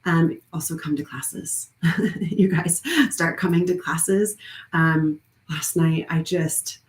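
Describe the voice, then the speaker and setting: A woman's voice: deep voice, fairly even intonation, slow pace. A woman who leads a wellness studio, giving a heartfelt, effusive live-streamed talk that rambles with restarts. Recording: roomy echo.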